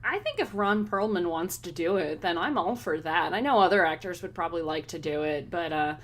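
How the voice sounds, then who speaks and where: Low-voiced woman, hesitant and chatty. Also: animated, fairly quick. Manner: hesitant, lots of "um" and "like". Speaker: podcast co-host. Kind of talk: casual panel chat.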